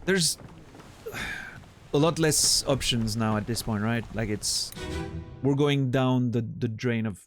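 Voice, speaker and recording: A man's voice: mid-range voice, slow, pauses often, soft background music. A man streaming a game, casually puzzling things out aloud as he plays. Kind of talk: casual gameplay commentary.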